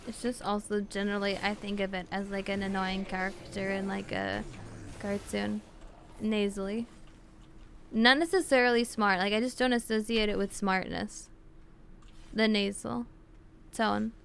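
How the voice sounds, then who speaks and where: Chatty woman streamer with vocal fry. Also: medium pitch, fairly even intonation, moderate pace, a little hiss or hum. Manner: chatty, answers chat with fillers and laughs. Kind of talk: casual live-stream chat with viewers.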